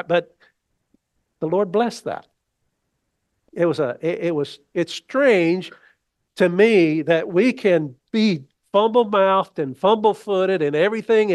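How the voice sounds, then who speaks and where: High-voiced rambling man preaching. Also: dry recording. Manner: folksy, rambling preaching with restarts. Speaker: pastor. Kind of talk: sermon.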